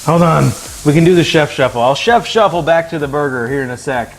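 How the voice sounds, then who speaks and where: A man's voice: fairly high pitch, brisk, hardly any pauses, soft background music. A man casually chatting while cooking in his home kitchen on a live stream, joking and calling out viewers by name. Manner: excitable, jokey, thanks viewers by name. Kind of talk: casual livestream chat.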